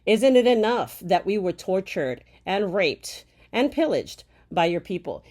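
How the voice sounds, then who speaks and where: A woman from Puerto Rico in an angry rant to camera. She is heated and profane, firing rhetorical questions with "okay?" tags and swinging between loud outbursts and low, bitter murmurs. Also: very animated, a little slow. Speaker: commentator.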